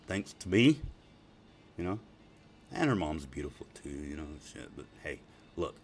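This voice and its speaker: A middle-aged man with a very low voice talks in a loose, rambling way, full of swearing and laughter, that turns tender when he speaks of his family. It is a personal video message with faint noise in the background. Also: animated, normal speed, fairly bright tone. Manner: profane, rambling, laughing, emotional.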